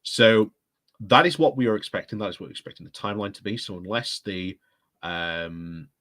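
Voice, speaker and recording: A man's voice: fairly low pitch, normal speed, fairly bright tone. A man hosting a casual political commentary vlog, rambling and hedging as he talks. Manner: rambling, hedging with lots of ums and "like I say". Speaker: host.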